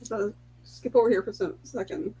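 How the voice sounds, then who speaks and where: A woman co-hosting a casual livestream, briskly reading out viewer comments and guesses. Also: mid-range voice, dark tone, breathy edge. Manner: brisk, matter-of-fact, reads out names.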